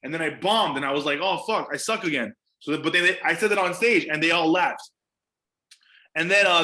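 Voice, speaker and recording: A man's voice: high voice, pushed and bright. A man, a stand-up comedian, chatting casually on a podcast, emphatic and profane, repeating words for stress.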